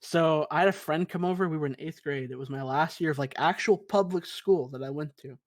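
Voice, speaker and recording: A young man co-hosts a podcast from his basement, his voice a little high and a little fast with no room sound. He chats casually in a laid-back way, cursing freely and calling everyone dude.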